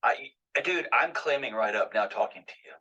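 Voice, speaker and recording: Brief: male call-in host, husky, animated, sharp-edged, blunt to the caller. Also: medium pitch, normal speed, highs cut off. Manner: blunt, confrontational. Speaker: radio advice host. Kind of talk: call-in advice show.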